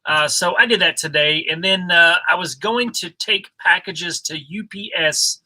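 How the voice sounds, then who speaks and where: Bright-voiced man rambling casually. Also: high-pitched, a little slow, poor audio. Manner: relaxed, rambling with many fillers. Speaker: co-host of a reselling livestream. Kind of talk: casual livestream chat.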